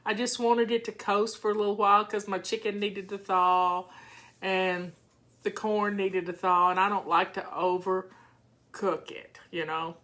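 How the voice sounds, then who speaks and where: This home-organizing vlogger, an older woman, is doing a relaxed live chat, being chatty and folksy and replying to what viewers write. She speaks a little slowly at a medium pitch that barely moves, with a slightly bright tone.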